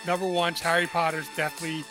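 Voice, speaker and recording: A man's voice: fairly high pitch, little pitch movement, fairly quick, over music. A man hosting a casual podcast chat, rambling through a movie list and swearing freely. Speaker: podcast host.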